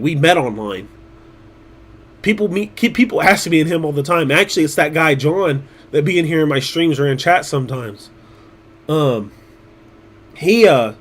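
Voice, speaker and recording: A man chatting casually on his livestream, blunt and profane, rambling with restarts. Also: a little high. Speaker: streamer.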